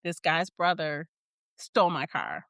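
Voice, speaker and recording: A woman's voice: low-pitched, a little slow, no room sound, studio quality. A woman co-hosting a casual book podcast, telling stories with acted-out quotes, frequent laughs and swearing. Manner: animated storyteller, acts out quotes, swears and laughs. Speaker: podcast co-host.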